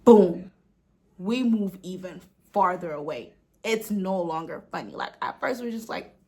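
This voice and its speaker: A woman's voice: medium pitch, animated, slow pace, darkish tone. A woman vlogger telling a storytime tale in a casual way, dropping "like" often and half-whispering at times. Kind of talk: storytime vlog.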